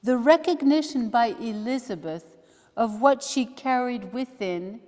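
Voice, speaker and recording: A woman, a religious sister, leading a study day, talking slowly and thoughtfully with soft asides as she reads aloud. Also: fairly high pitch. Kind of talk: reflective teaching talk with readings. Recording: long hall reverb.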